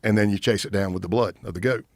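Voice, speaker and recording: A man in his fifties tells his story with a lively, storyteller's energy and acts out the other people's lines as he goes. His voice sits low. It is dry and close, with no room sound around it. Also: quick pace, no room sound. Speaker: retired undercover agent, podcast guest. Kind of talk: storytelling in a podcast interview.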